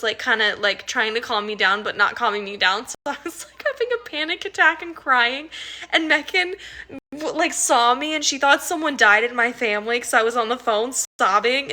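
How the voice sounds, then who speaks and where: A woman's voice: fairly high pitch, sharp tone. A woman musician chatting casually on a livestream, rambling through a story, swearing freely and laughing as she reads viewer comments.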